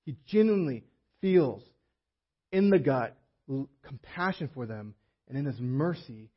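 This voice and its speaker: Husky man preaching a casual sermon. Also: mid-range voice, expressive, unhurried. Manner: conversational, acts out quoted voices. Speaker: pastor. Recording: muffled lo-fi sermon audio.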